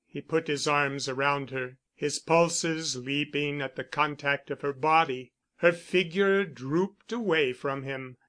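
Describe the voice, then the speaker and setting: A man narrating a novel as an audiobook reader, in a measured, even storytelling manner. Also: a little high.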